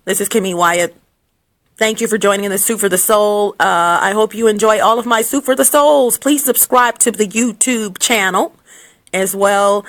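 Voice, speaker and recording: In a casual, off-the-cuff phone-recorded rant, a woman lectures the camera with blunt advice, scolding viewers while breaking into laughs and starting over. She speaks at a moderate pace in a somewhat bright, mid-range voice.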